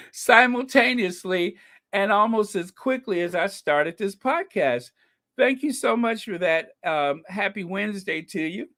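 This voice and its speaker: A man's voice: sits high, animated, unhurried, bright, forceful tone. A man hosting a casual live podcast, chatting with viewers, thanking them by name and dropping wry, laughing asides. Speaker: podcast host. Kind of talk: casual commentary on live stream.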